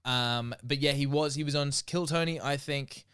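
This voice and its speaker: A man's voice: mid-range voice, normal speed, a bit bright, clear, resonant tone, dry recording, studio quality. A young man co-hosting a comedy podcast, chatting casually with lots of likes and hedges. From Australia. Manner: chatty, hedging with likes and fillers. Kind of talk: casual conversational chat.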